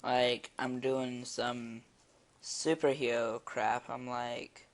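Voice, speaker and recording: A teenage boy telling a story in a casual vlog, rambling and excitable, with many fillers. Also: mid-range voice, drawn-out words. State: eating while talking. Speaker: vlogger. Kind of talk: casual storytelling while drawing.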